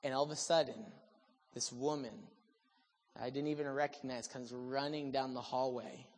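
A man preaching a sermon, telling a healing story with animated delivery that swings from loud excitement to hushed, sober moments. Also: medium pitch, normal speed. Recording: long reverb of a large hall.

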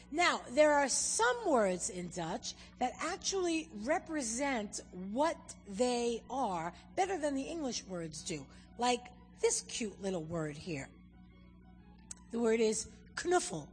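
Animated American missionary woman addressing a congregation; higher voice with a long hall echo. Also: a little slow. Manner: animated, joking, addresses the audience directly. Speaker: missionary speaking at a church. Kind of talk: humorous church talk with a language lesson. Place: church hall. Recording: reverberant hall with faint music.

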